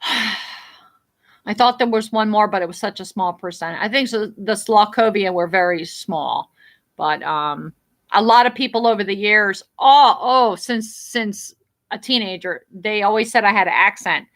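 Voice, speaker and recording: Blunt New Jersey woman, bright voice. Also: medium pitch, a little slow. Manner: rambling, blunt, swears freely. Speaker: livestream host. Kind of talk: casual live-stream chat reading viewer comments.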